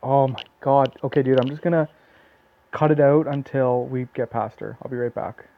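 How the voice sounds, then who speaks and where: A man's voice: mid-range voice, fairly even intonation, moderate pace, gravelly. Canadian male let's-player, Ontario accent, chatty and rambling, tinny lo-fi home mic. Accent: Canadian, Southern Ontario. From southern Ontario, Canada. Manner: rambling, many fillers and restarts. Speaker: let's play commentator. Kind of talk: casual gameplay commentary.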